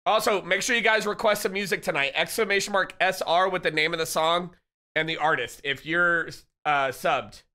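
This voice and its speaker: A young man live-streaming, chatting casually and excitedly with his viewers and reading their messages aloud. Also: sits high, normal speed. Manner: hyped, laughing, reads chat aloud.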